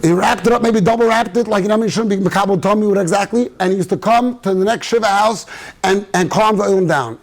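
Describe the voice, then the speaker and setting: High-pitched rabbi, telling stories at a shul class, yiddish words sprinkled in. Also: male voice, fast talker. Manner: storytelling, mixing Yiddish and Hebrew terms. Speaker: rabbi giving a talk. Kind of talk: informal Torah talk. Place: synagogue study hall.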